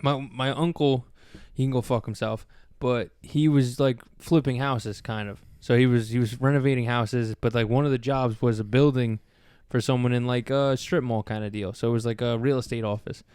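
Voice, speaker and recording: A young man co-hosting a podcast, telling stories in casual, profane chat that turns excitable. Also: medium pitch, moderate pace, smooth, dry recording, clean studio sound. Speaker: podcast co-host.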